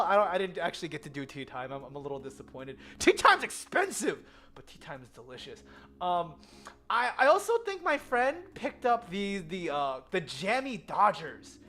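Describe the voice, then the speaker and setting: An American woman telling a story in a casual vlog, animated and giggly. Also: fairly low pitch, moderate pace, faint music behind. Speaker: vlogger. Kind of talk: casual chatty vlog with slides.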